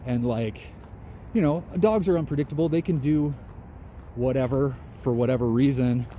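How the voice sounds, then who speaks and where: Man, vlogger, relaxed rambling monologue, mellow tone, outdoors, faint background noise. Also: mid-range voice, moderate pace. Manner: musing, loosely conversational. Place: outdoors in a park.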